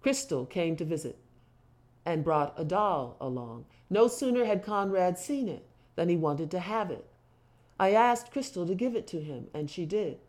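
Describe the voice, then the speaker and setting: A speaker reads lengthy book excerpts aloud with short remarks in between. The pitch sits in the middle, and the reading leans into quoted speech with louder, more emphatic delivery. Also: expressive, moderate pace. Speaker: reader discussing a book. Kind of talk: reading passages aloud with commentary.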